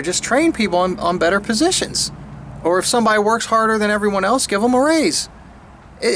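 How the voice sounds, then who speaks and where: Brief: man, high voice, wry and laughing, mimics others; faint background hiss. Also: a bit bright. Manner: mocking others in higher, slower put-on voices; frequent laughter and repeated restarts. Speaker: speaker sharing his views. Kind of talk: casual monologue.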